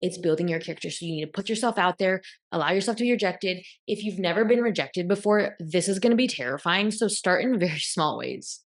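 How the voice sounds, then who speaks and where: A woman's voice: on the low side, brisk, few pauses. Woman, motivational talk, blunt, emphatic, swears casually. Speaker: self-help coach.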